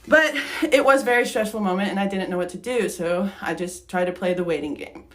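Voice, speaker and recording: A woman's voice: mid-range voice, brisk, a bit bright. A young woman co-hosting a podcast, candidly telling a personal story, getting emotional and laughing through it. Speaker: podcast co-host.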